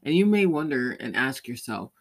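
A man's voice: medium pitch, big pitch swings, normal speed, gravelly. A man hosting a podcast, telling a rambling story in casual chat, with many restarts and light laughs. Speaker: podcast host; parent or caregiver.

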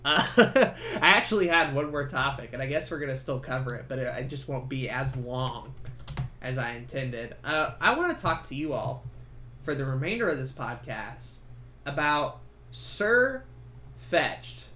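A man's voice: mid-range voice, measured pace. A young man hosting a podcast, giving a casual movie review full of swearing and laughter. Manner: swearing, laughing, animated storytelling. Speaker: podcast host.

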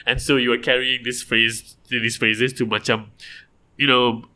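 Man, podcast co-host, lively rambling chat, bright forward tone. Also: mid-range voice, measured pace. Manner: animated, rambling with restarts. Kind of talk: casual chat.

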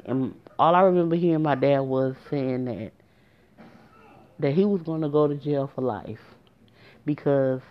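Woman telling a story on a muffled lo-fi recording. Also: low voice. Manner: emotional, conversational, addresses viewers directly. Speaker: storyteller vlogger. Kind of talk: casual storytime narration. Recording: dull lo-fi recording.

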